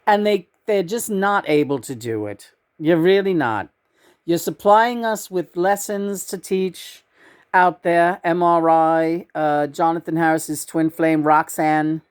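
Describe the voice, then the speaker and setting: Brief: preachy departed male spirit, voiced by a woman in her own low voice, lecturing, soothing. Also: slow, clear, resonant tone. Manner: lecturing, addresses the audience as folks.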